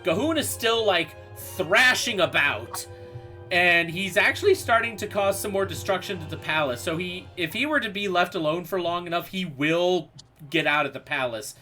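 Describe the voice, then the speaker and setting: Guy running a tabletop game, high voice, rambly with lots of likes and uhs. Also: animated, normal speed, sharp tone, faint music behind. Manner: loose, rambling, full of fillers. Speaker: game master.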